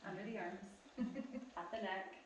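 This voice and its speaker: A woman presenting a live workshop to a group, chatty and quick to laugh, speaking straight to her audience. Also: mid-range voice, fairly even intonation, far from the mic. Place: retreat meeting room. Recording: echoey room recorded from afar.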